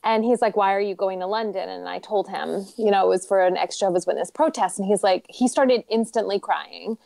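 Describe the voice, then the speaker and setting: A woman's voice: mid-range voice, brisk, creaky, dark tone, no echo. A woman on a livestream panel, telling a story in an earnest, rambling way. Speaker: panel guest. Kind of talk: casual livestream chat.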